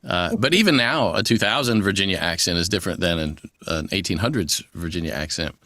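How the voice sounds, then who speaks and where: A man who works as a voice actor, chatting in an interview in a rambling, easygoing way with quick asides. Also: deep voice, expressive, pushed and bright, dry recording, studio quality. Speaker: voice actor guest. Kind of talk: conversational interview.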